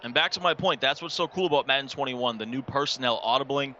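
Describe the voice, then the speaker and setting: A man's voice: medium pitch, fast talker, sharp tone, highs cut off, slight background noise. A man giving color commentary on a football video game, breaking down plays and coaching viewers. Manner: explanatory, coaching asides to viewers.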